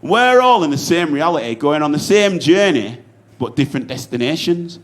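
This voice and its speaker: With a sing-song, slightly high voice at a moderate pace, this young man from Yorkshire, England, rambles through anecdotes full of asides in a stand-up set. He swears freely and has a Yorkshire accent.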